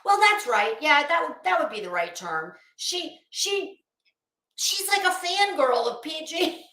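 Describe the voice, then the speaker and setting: A high-pitched woman with a bright, edgy voice hosts a live commentary stream. She rambles in a blunt, sarcastic way and greets chat viewers between points. Her voice rings in an echoey room. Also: big pitch swings, unhurried.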